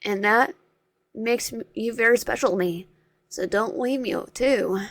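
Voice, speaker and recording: A woman voicing a shy, troubled teenage boy in a visual novel who speaks softly and stumbles over his words. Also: on the high side, unhurried, no room sound. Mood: pleading.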